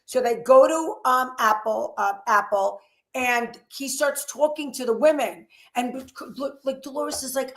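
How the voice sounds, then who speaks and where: A woman's voice: sits high, a little slow. A woman co-hosting a casual gossip livestream, telling stories in detail and acting out what people said. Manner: lively storyteller, acting out quoted dialogue. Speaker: co-host. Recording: echoey room.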